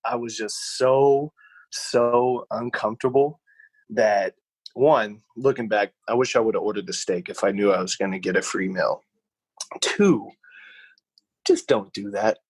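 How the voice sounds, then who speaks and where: A man's voice: lowish voice, unhurried, husky, no echo, rough recording. A man co-hosting a podcast, telling stories in a casual chat, rambling and repeating words as he goes. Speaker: podcast co-host.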